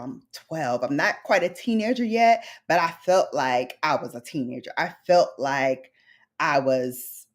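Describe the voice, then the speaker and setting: A deep-voiced woman talks at an unhurried pace. Originally from Brooklyn, New York, she's a beauty vlogger casually chatting with livestream viewers, warm with nostalgia and calling them babes and honey.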